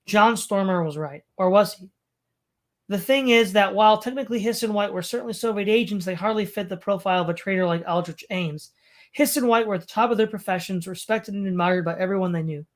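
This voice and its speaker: Stream host, reads passages aloud, sarcastic asides, mid-pitched voice, home mic. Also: a little fast. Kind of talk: reading a text aloud and commenting on it.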